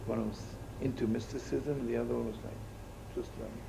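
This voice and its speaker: Gravelly animated older storytelling rabbi. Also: male voice, medium pitch, a little fast, background noise. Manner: animated, chatty, sprinkled with Yiddish and Hebrew terms. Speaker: rabbi teaching. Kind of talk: storytelling sermon with jokes.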